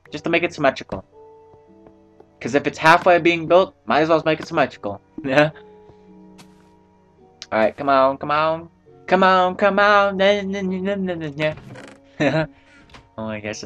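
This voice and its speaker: This is a gameplay commentator doing casual let's-play talk in a fairly high voice, and the audio sounds dull. He rambles, talks to himself, and swears freely.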